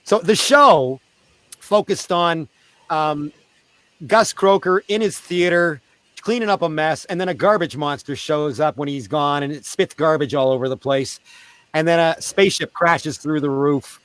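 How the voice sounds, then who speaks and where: A man, a street theatre performer, telling animated stories in a casual interview over a video call. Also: unhurried, clear, resonant tone, no room sound. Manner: animated, acts out quoted voices in a high pitch.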